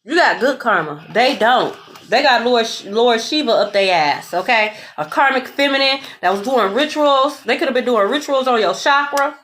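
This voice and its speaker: Sassy, high-pitched woman reading tarot. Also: moderate pace, a little hiss or hum. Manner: blunt, profane, sassy and animated; repeats "okay?" often. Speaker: tarot reader.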